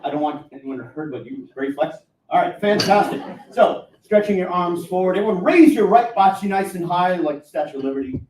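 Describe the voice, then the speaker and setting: A man's voice: high-pitched, expressive, brisk, few pauses, a little mellow. Upbeat male drum teacher in an echoey room. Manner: upbeat, encouraging, self-deprecating jokes. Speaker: taiko instructor. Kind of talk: leading a live audience drumming workshop. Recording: echoey room from far off, faint music.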